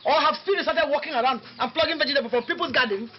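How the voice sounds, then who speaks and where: A woman's voice: high-pitched, racing, noisy background, lightly acted. An actress playing a quarrelsome, hot-tempered woman neighbour with a Nigerian accent, who hurls mocking accusations and threats. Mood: scolding. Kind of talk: film drama acting. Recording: dull lo-fi film sound with music.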